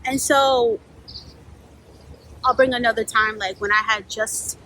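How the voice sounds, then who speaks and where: Young adult woman, life coach, higher-pitched and salty-tongued, candid storytelling with acted-out quotes, faint background noise. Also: a little slow, low-quality recording. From New York. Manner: blunt, profane, animated, acts out quoted voices.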